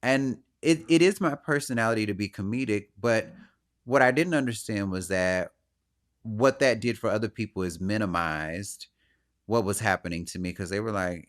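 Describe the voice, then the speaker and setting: A man's voice: on the low side, moderate pace. A man hosting his own podcast, talking through his feelings in an earnest, searching, self-questioning way and sometimes acting out what other people said. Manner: animated, acts out other people's voices. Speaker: podcast host. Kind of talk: personal reflective monologue.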